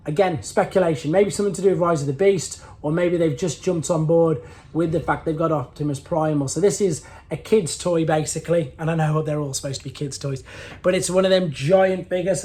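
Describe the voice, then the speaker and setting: A man's voice: on the high side, a little mellow. A man hosting a casual weekly toy news roundup, enthusiastic and rambling, with plenty of fillers and restarts. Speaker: toy collector channel host.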